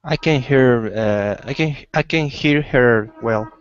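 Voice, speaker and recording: Slow, hesitant male student on video call. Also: mid-range voice, clean tone. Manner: hesitant, halting. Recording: muffled, distant video call audio.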